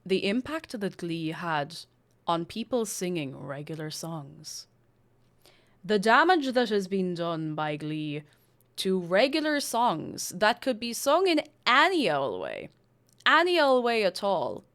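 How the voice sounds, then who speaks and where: A young adult woman chatting casually on a live stream. She talks to her viewers in an animated way, stops and restarts her sentences, and stays close to her desk mic. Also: fairly low pitch, takes it slowly. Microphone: desk microphone.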